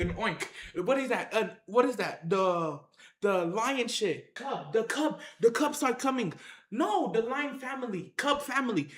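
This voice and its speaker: A vlogger excitedly telling a story straight to viewers, full of slang and shouted sound effects like "boom". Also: echoey room, slight background noise. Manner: slangy, addresses the audience directly.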